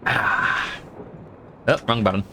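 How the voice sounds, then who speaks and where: A man's voice: lowish voice, takes it slowly, pushed and bright, a little hiss or hum. A man with an Australian accent giving casual, joking commentary while streaming a game. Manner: chatty, joking, thinks aloud.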